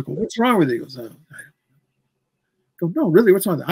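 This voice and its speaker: A man's voice: high-pitched, big pitch swings, racing, pauses often, a little mellow, breathy edge, dry recording, low-quality recording. A man in his sixties, a guest in a casual interview, telling long stories in a rambling way and repeating words as he goes. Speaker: comic artist guest.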